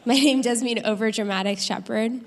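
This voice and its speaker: A young woman performing a live stand-up comedy set with an animated, punchy delivery in front of an audience. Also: on the high side, brisk, a crowd in the background, background noise. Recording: live stage recording with long hall reverb.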